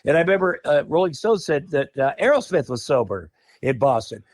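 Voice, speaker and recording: A man's voice: a little high, very animated, brisk, darkish tone, dry recording, clean studio sound. A man who is a podcast guest, telling a wild story in a loose, profane way and laughing mid-sentence. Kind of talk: casual anecdotal storytelling.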